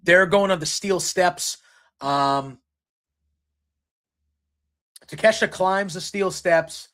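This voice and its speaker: A man's voice: high voice, a little slow, fairly bright tone. A man hosting a casual solo wrestling recap, retelling the action play by play with frequent ums. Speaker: wrestling show recap host.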